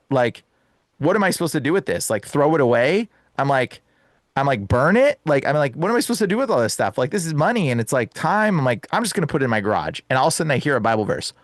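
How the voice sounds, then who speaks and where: A young man telling an excited personal story as a podcast guest, laughing often and calling the host bro and dude. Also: mid-range voice, no echo.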